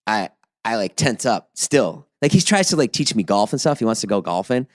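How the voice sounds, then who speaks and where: A man's voice: lowish voice, normal speed, dry recording, clean studio sound. A man in his forties co-hosting a podcast, telling self-deprecating stories in a casual chat. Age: 40s. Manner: animated, self-deprecating storyteller. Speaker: podcast co-host.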